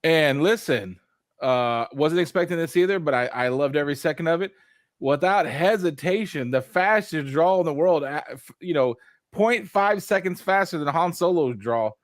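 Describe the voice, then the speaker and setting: A man's voice: a little high, moderate pace, dry recording, studio quality. Chatty man recapping a show. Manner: animated, acts out scenes with put-on voices. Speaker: host. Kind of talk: casual review chat.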